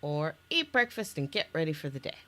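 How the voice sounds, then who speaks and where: A woman's voice: low-pitched, sing-song, a little fast, a bit bright. A woman presenting an interactive story game she made, reading its scenes aloud in casual chat. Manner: reads scenes aloud with restarts and laughs. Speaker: game maker presenting her game.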